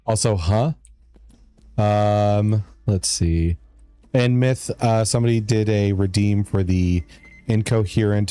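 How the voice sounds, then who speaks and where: Male game streamer, low-pitched and warm-toned, rambling and joking with chat while playing.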